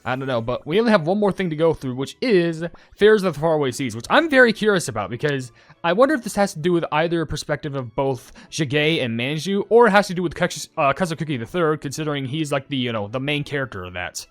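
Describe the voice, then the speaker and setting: Brief: young male YouTuber, lively rambling commentary, slightly raised pitch. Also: fast talker, no room sound, soft background music. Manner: rambling, self-correcting, excitable. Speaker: YouTuber reacting to game updates. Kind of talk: casual commentary.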